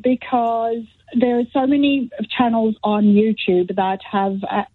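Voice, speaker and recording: A woman's voice: a little high, flat delivery, measured pace, dry recording. A woman from Wales calling in to a radio show over the phone, talking insistently with hesitant fillers. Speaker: caller. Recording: tinny phone line.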